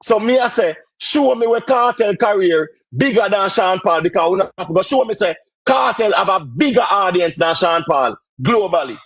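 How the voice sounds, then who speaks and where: A Jamaican man with a high voice fires off mocking rebuttals, often shouting. The sound is dry and close, with no room around it. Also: animated, moderate pace, few pauses, breathy edge, no room sound. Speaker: debate caller. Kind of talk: heated live stream debate.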